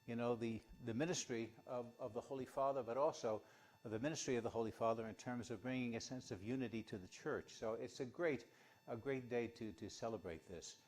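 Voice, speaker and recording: Man, bishop at a podium, hesitant, full of restarts, mid-pitched voice. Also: darkish tone. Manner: hesitant, many restarts and pauses. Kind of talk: welcoming remarks at a press conference.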